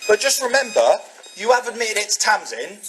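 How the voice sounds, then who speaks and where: A man's voice: sits high, big pitch swings, fairly quick. A man, talking bluntly and swearing heavily in a confrontational way. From England. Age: 30s. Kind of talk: secretly recorded argument and chat. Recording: noisy hidden recording.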